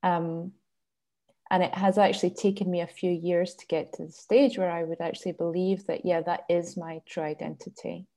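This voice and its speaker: Low, gravelly woman sharing reflectively. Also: little pitch movement, normal speed, dark tone. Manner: reflective, hesitant. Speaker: student sharing in a group. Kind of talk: personal sharing.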